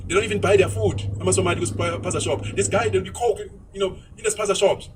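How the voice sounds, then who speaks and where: A South African man speaking fast and outspokenly while driving, dropping Zulu words into a casual opinionated monologue. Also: high-pitched, steady tone, far from the mic, background noise. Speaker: vlogger. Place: inside a moving car.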